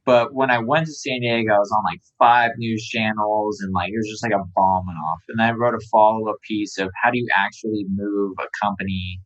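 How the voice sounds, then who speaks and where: A startup founder talking casually in an interview, relaxed and rambling, with many fillers. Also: male voice, lowish voice, fairly quick, hardly any pauses, muffled recording. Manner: relaxed, filler-heavy, lots of "um" and "like".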